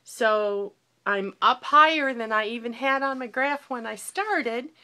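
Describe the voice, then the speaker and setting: A woman's voice: a little high, unhurried, bright, forceful tone. A woman in her forties talking candidly in a reflective personal video diary. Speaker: vlogger.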